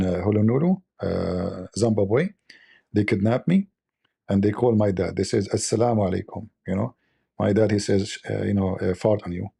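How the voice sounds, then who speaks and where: Male stream host, low husky voice, playful ribbing of chat. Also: mellow. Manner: teasing, joking, mock-offended banter. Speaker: livestream host. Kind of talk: casual livestream chat with viewers.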